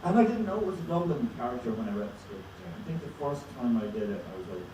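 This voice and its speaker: A man's voice: medium pitch, very animated, fast talker. A man, an actor on a convention panel, telling rambling stories with restarts. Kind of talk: casual anecdote telling on stage. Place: large convention auditorium. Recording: echoey hall mic from far off with crowd noise.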